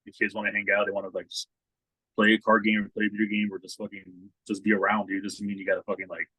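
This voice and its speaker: A man's voice: lowish voice, completely flat delivery, quick pace, sharp tone, breathy edge, dry recording, rough recording. A man co-hosting a podcast in casual chat, laid-back and swearing often, raising his voice when he quotes people. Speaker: podcast co-host.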